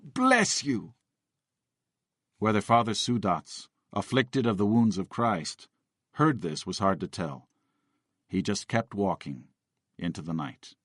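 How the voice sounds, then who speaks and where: A man narrating an audiobook with expressive storytelling. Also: fairly low pitch, a little slow, no room sound, clean studio sound.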